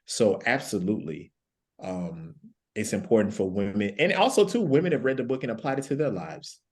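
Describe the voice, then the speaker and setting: Speaking briskly and expressively in a fairly low voice, a man serves as a guest life coach on a panel. He tells earnest stories and keeps returning to key phrases for emphasis.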